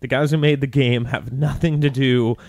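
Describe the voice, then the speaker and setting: A man in casual chat on a podcast, rambling through a story with plenty of swearing. His voice sits in a middle pitch. The sound is dry and close. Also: steady tone, normal speed, gravelly, a little mellow, dry recording. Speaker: podcast co-host.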